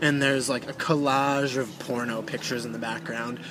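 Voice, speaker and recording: A man's voice: mid-range voice, level tone, normal speed, noisy background. A young man telling a story in a rambling, profane way, full of fillers. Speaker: storyteller guest. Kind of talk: casual storytelling.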